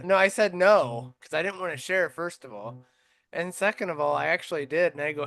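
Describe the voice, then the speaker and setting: A man's voice: on the high side, fairly quick. Chatty man hosting a racing podcast. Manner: animated storytelling with many fillers. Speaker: podcast host. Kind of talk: casual chat.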